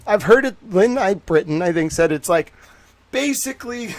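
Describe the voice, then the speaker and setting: A man's voice: sits high, big pitch swings, normal speed. A man hosting a casual livestream, speaking in a put-on Southern drawl, playful, teasing and boastful. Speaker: livestream host.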